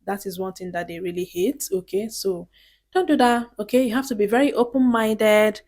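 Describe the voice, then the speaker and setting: A woman's voice: mid-range voice, fairly even intonation, a little fast, darkish tone. A woman from Nigeria gives casual vlog advice in a chatty, earnest way, often checking in with her viewers. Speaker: vlogger.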